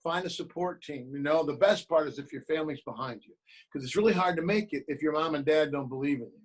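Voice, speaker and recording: Animated man telling stories on a call. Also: a little high, fast, low-quality recording. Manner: animated storyteller, acts out quoted voices. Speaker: actor and producer, guest. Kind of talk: remote interview, storytelling advice.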